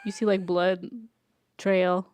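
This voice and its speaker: A woman's voice: fairly low pitch, flat delivery, slow, darkish tone, clear, resonant tone. A young woman co-hosting a podcast, recapping a TV show in casual chat, full of "like" and acted-out character lines. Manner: chatty, lots of "like", acts out characters' lines. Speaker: podcast co-host.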